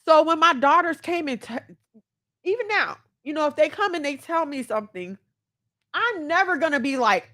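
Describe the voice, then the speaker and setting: Pushed, bright and sing-song, her high voice keeps a normal speed. The podcast host, in her thirties, addresses her listeners openly and emotionally about family and self-love.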